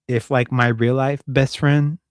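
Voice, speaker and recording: A man's voice: medium pitch, little pitch movement, unhurried, smooth, no echo, clean studio sound. Rambling, foul-mouthed male streamer. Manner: rambling, profane, joking. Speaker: livestream host. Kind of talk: casual live-stream chat. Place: at home.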